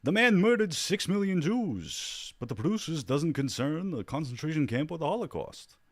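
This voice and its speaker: A man's voice: lowish voice, expressive, very fast, dry recording, lightly acted. A man doing an impression of an indignant older male comedian-rabbi, reading out complaints in an exasperated tone.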